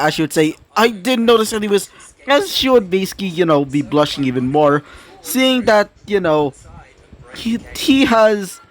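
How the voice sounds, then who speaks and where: A man narrating a fan-fiction story in a rambling way, full of fillers and self-corrections. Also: fairly high pitch.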